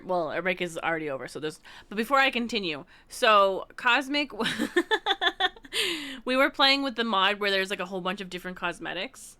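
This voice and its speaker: A woman livestreamer telling a story in casual chat with her viewers, excitable and laughing often. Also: medium pitch. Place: room at home, alone.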